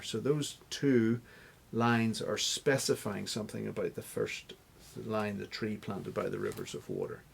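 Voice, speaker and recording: A man's voice: on the low side, fairly even intonation, measured pace, vocal fry, husky. A man answering interview questions as a guest scholar, explaining step by step like a teacher. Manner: teacherly, stops to spell out examples.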